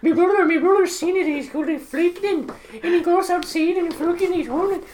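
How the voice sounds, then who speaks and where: A man voicing a loud man who rants about his brother. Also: fairly quick. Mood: ranting. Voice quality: shrill, shouting.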